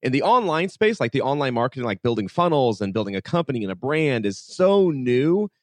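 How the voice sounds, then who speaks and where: Man, podcast guest, casual storytelling, animated, quotes people, dry sound. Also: mid-range voice, brisk, no echo. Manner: animated, acts out dialogue with many "like"s.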